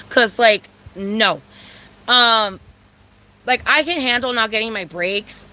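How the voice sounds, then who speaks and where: A woman's voice: mid-range voice, a little slow, a little hiss or hum, poor audio. A woman telling a storytime rant in casual, blunt, profane talk, repeating herself for emphasis. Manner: profane, blunt and repetitive, with lots of fillers; animated, with sudden loud outbursts.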